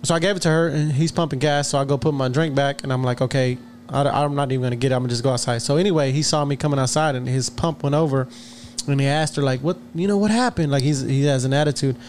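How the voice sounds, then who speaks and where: A man spins a story on a casual podcast, talking quickly and tumbling over his words with laughs and fillers. Faint ambience sits behind the voice. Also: medium pitch, steady tone, a little mellow, a little hiss or hum. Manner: rambling, laughs often, many fillers and restarts. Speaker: podcast co-host.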